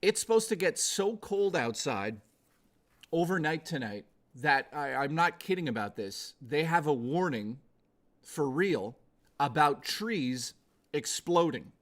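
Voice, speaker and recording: Male streamer at home, lively swinging voice, raunchy rambling banter. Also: fairly high pitch, measured pace. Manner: crude, profane joking, rambling. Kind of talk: casual livestream chat.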